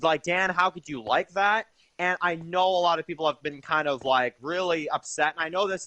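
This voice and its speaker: A man's voice: on the high side, sharp tone, no echo. A young man giving an enthusiastic, rambling casual review of a TV episode, full of fillers.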